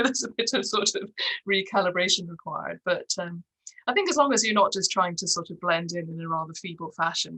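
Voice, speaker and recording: Bright-voiced woman telling stories. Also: fairly low pitch, poor audio. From Scotland. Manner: chatty storyteller, laughs often. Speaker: interview guest. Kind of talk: casual conversation.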